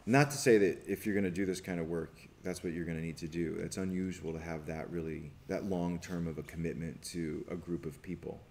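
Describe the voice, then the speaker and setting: A man, a documentary filmmaker, telling a story on a festival panel in an animated way, acting out quotes, with many restarts. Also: low-pitched, brisk, few pauses, a little hiss or hum.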